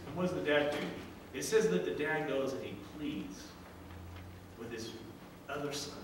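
A man's voice: a little high, animated, normal speed, background noise. A middle-aged male pastor preaching a sermon earnestly, often restarting phrases and acting out a father's words. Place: church sanctuary. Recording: echoey church sanctuary from far off.

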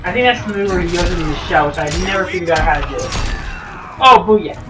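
A man's voice: sits high, animated, fast talker, roomy sound, recorded from a distance, music in the background, low-quality recording. A man rambling through casual gameplay commentary while playing a fighting game. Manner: rambling, chatty. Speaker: let's play gamer.

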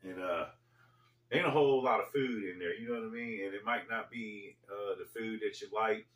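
A man hosting a casual storytelling vlog, talking in a laid-back, slangy way with pauses. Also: lowish voice, fairly bright tone. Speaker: storyteller host. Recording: echoey room, mic far off.

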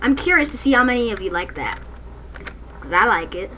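A woman hosting a gaming channel, giving excitable, jokey let's-play commentary from a dark room at night and breaking into snatches of song. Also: high-pitched, a little fast, a little hiss or hum, low-quality recording.

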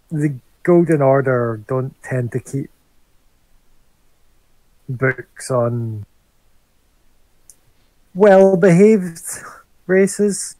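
A man, playing a tabletop game and thinking aloud in a hesitant way, with frequent pauses. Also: medium pitch, no room sound, low-quality recording. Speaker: player. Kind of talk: casual game table chat.

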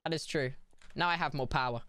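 A man's voice: a little high, fast, bright, forceful tone, smooth, no room sound. A young man streaming a game, chatting casually and giggling through playful banter. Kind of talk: casual gaming stream chat.

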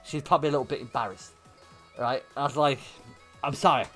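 A young man livestreaming, telling a story to his chat in an animated way with lots of swearing and bursts of laughter. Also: medium pitch, quick pace, faint music behind. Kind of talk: casual storytelling to stream chat.

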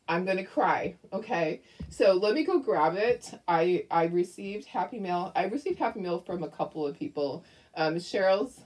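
Middle-aged woman, crafting livestream host, husky low voice, affectionate casual chat. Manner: chatty and affectionate, greets viewers by name.

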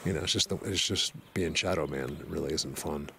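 A man vlogging outdoors on a mountain road, rambling excitedly to his viewers from a helmet camera. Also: a bass voice, a little fast, gravelly, a little hiss or hum. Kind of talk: casual outdoor vlog.

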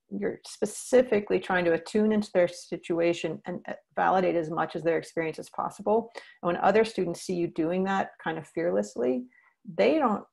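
Gravelly low-voiced woman trainer. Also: a little mellow. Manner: earnest, explains by acting out what to say to students. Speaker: social-emotional learning trainer. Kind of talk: answering questions in a teacher training session.

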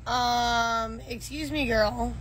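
Woman, slightly high voice, slow, playful scolding of a pet. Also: fairly even intonation, noisy background. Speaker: pet owner. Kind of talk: talking to a pet.

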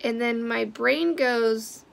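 A woman's voice: a little high, slow, creaky. A woman giving a blunt, heated personal vlog update who swears freely. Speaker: vlogger sharing a personal health update.

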